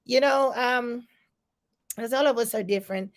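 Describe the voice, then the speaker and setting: A woman's voice: a little high, moderate pace. A Jamaican woman giving a casual motivational live-stream talk, encouraging and repetitive, with many fillers. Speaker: motivational speaker.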